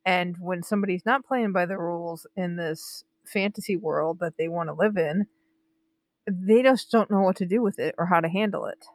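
A woman's voice: fairly low pitch, normal speed, dry recording. Indignant woman co-hosting a chat show. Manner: animated, indignant commentary with restarts. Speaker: podcast co-host. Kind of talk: casual chat about Olympic news.

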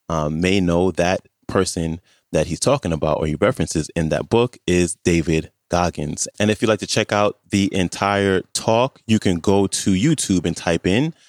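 A man hosting a podcast, reading a calm, measured outro. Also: low voice, no room sound, studio quality. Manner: calm, measured, reads listings. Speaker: podcast host. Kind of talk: scripted outro.

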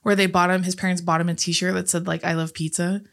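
A young woman co-hosting a podcast, chatty and quick in casual back-and-forth. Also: fairly low pitch, level tone, gravelly, a bit bright. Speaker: podcast co-host. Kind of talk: casual chat.

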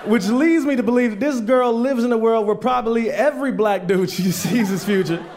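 High-voiced male stand-up comedian. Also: fairly quick, darkish tone. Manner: storytelling, acts out characters in raised voices. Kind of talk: stand-up set. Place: comedy stage with live audience.

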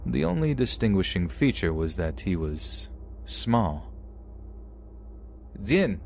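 A man narrating true horror stories in a steady, scripted reading. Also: low-pitched, slight background noise. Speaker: podcast narrator.

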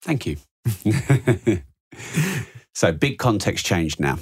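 A man's voice: fairly low pitch, animated, extremely slow, creaky, husky, no echo, studio quality. A man hosting a podcast, asking brief, direct questions. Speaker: podcast host. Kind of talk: interview questions.

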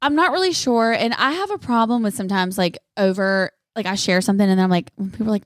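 A woman in her thirties co-hosting a podcast, chatty, animated and jokey, sipping wine as she talks. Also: mid-range voice, fast talker, few pauses, no room sound, clean studio sound. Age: 30s. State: drinking wine. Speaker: podcast co-host. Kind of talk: casual chat.

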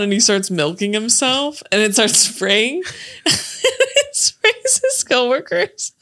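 A woman's voice: medium pitch, very animated, a little slow, fairly bright tone. A young woman co-hosting a podcast, telling cartoon scenes with lots of giggling and quoting lines in character voices. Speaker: podcast co-host. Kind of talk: casual chat.

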